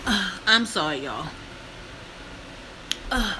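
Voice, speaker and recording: High-pitched tearful woman in her fifties. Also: expressive, a little slow, background noise. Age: 50s. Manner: addresses viewers as y'all, breaks down crying. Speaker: mukbang vlogger. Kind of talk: emotional storytelling to viewers.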